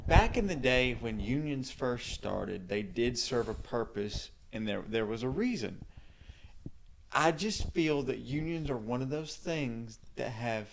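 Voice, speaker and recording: Man, podcast co-host, opinionated, measured, hedges with restarts. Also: mid-range voice, animated, gravelly, slight background noise. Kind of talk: casual chat.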